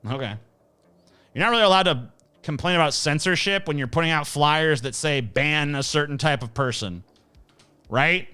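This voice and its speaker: A man's voice: on the high side, normal speed, bright, forceful tone, clean tone, faint music behind. A male host giving blunt, profane, scornful ranting commentary while reacting to clips and viewer questions.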